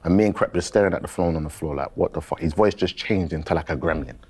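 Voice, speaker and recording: Deep husky man telling a wild story. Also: fast. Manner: animated, dramatic storytelling. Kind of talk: casual podcast chat.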